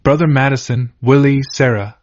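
A man reading aloud from an old diary in a steady, measured, earnest way. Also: mid-range voice. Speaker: reader. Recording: dull lo-fi recording.

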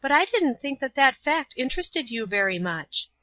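A woman voicing a kind, patient young woman who speaks softly and sympathetically, a little timid. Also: high voice, sing-song, moderate pace, dry recording, pitched above the performer's own voice, full character voice. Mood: sympathetic. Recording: dull lo-fi recording.

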